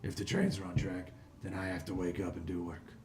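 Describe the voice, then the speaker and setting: A man's voice: low-pitched, level tone, a little fast, background noise, pitched below the performer's own voice, close to an everyday voice. A man voicing a lazy, boozy old male gnoll guard who grumbles and drags his words. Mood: grumbling. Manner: grumbling, sluggish, reluctant. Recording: echoey room, faint ambience.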